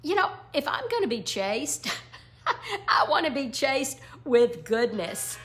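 A woman teaching a devotional Bible lesson, speaking earnestly and often dropping to a soft near-whisper. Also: sits high, sing-song. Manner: speaks song lyrics in a slow cadence.

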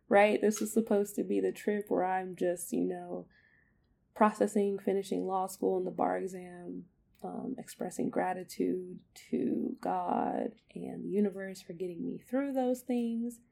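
A woman's voice: fairly low pitch, creaky, mellow. A young woman telling a personal story on a podcast, candid and emotional, with many fillers and hesitations. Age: young adult.

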